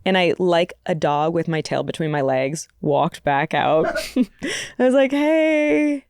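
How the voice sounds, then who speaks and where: Woman, comedian, casual storytelling, lively swooping pitch, dry close sound. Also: unhurried, dry recording. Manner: animated, laughing, self-mocking. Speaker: comedian guest.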